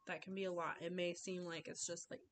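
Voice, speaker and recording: A woman's voice: lowish voice, level tone, brisk, slight background noise. A young woman giving an informal class speech over a webcam, casual and full of fillers and restarts.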